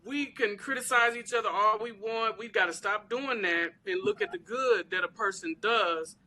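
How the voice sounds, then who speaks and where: A woman, a guest crafter, talking in a casual, animated interview with informal slang and plenty of emphasis. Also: mid-range voice, moderate pace.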